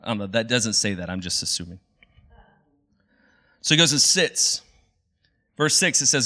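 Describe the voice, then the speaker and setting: Bright-voiced, animated male pastor. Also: medium pitch, normal speed, pauses often. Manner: casual, animated, conversational. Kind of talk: sermon.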